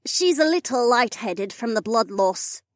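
A man's voice: extremely high pitch, animated, measured pace, dry recording, studio quality, voice pushed up. A man voicing a young, cheerful female nurse who reassures everyone. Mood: reassuring. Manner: chirpy, reassuring.

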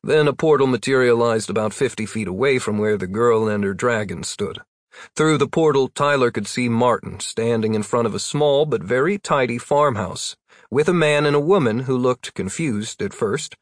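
A man narrating a story in a plain, even storytelling voice. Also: medium pitch, no echo, studio quality. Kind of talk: audiobook narration.

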